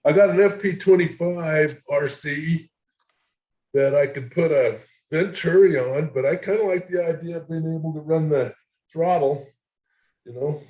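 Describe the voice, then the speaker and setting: A man's voice: a little high, normal speed, mellow. A man chatting easily on a video call from his home workshop, rambling a little as he talks shop. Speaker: hobbyist guest. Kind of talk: casual video call chat. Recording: echoey workshop room.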